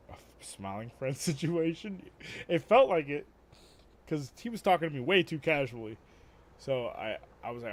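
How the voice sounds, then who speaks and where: A man talks casually while streaming a video game, his voice sitting a bit low. He swears freely and drifts into animated storytelling. A faint background hum runs under his voice. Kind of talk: casual gaming stream chat.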